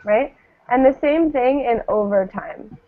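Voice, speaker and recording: Slow, patient woman teaching. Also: fairly high pitch. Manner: slow, patient, models words for repetition. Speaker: English pronunciation teacher. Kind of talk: classroom pronunciation drill. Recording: tinny phone-like lo-fi sound.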